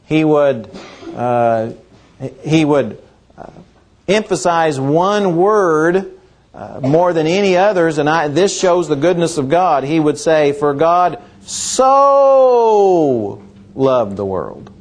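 A man's voice: fairly high pitch, slow pace, a little mellow. A man preaching a sermon, asking rhetorical questions and stretching out key words for emphasis.

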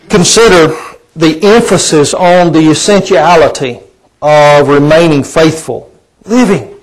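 A man delivers a sermon in a slightly high-pitched voice. His preaching is conversational and folksy, with ums and restarts, and he keeps turning to his listeners with rhetorical questions. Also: low-quality recording. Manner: asks the congregation rhetorical questions.

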